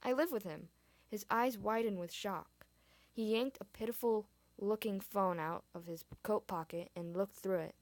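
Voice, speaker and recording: A woman reading her fan fiction aloud, expressive, dropping in her own asides. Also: medium pitch, a little slow, no room sound. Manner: expressive, adds asides and swears in reaction. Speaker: reader.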